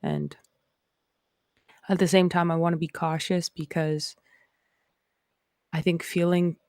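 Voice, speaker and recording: A woman's voice: fairly low pitch, flat delivery, takes it slowly, darkish tone, no room sound, studio quality. A Canadian woman hosting a live stream, chatting casually with viewers in a rambling, reflective way before reading scripture aloud.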